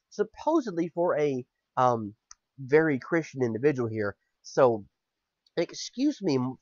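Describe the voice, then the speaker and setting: A man ranting on a podcast, swearing hard and swinging his fairly high voice up and down with heat. The sound is dry and dull, like lo-fi home audio. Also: dry recording. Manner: furious, profane, shouty bursts. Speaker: podcast host. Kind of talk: angry political rant.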